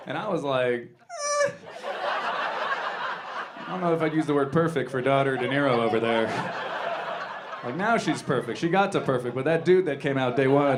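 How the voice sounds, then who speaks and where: A man in his thirties doing a stand-up comedy set on a club stage, talking in an animated way and jumping into loud voices for characters. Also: medium pitch.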